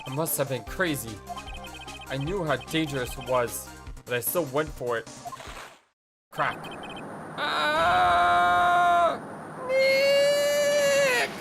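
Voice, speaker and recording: A woman's voice: high voice, big pitch swings, drawn-out words, creaky, long pauses, heavily acted. A woman voicing a determined young male lawyer who narrates in an earnest, grave way. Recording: game music playing underneath.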